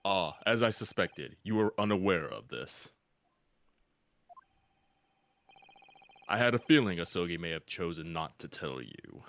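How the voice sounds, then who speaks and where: A man voicing an elderly, formal male forensic professor in a video game, in a slightly gravelly, measured voice. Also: low-pitched, sing-song, a bit bright, voice pushed down, exaggerated voice.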